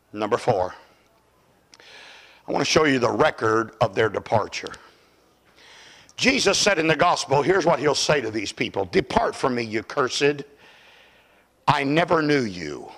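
An older man preaching a fiery revival sermon, shouting high and then dropping to low murmurs.

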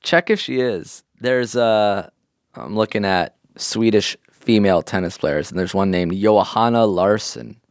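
A man's voice: on the low side, measured pace, no echo, studio quality. A man hosting a comedy podcast, joking and laughing as he chats and reads a listener's letter aloud. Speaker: podcast host. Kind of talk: casual chat, reading a listener letter.

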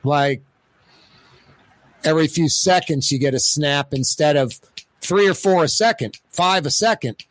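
A man's voice: a little high, unhurried, long pauses, no echo. A man hosting a radio talk show, chatting casually and running prize giveaways, rambling with lots of stammered restarts. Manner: rambling, animated, repeats himself with stammered restarts. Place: radio studio.

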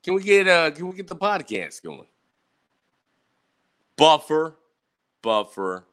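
A man's voice: high voice, very animated, a little fast, a bit bright. A man hosting a show, reacting to podcasts with sarcastic, exasperated, profane commentary. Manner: sarcastic, exasperated, swears a lot.

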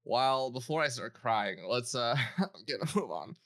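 A man's voice: mid-range voice, animated, a little slow, a crowd in the background. A man co-hosting a casual gaming podcast, bantering playfully and poking fun at himself. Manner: playful, self-mocking banter. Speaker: podcast co-host.

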